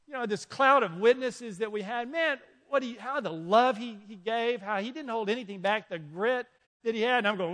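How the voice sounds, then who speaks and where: A man's voice: very high voice, brisk. A man preaching a sermon to young people, telling stories and urging listeners directly. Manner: animated, storytelling, urges listeners directly. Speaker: youth pastor. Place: indoor room with an audience.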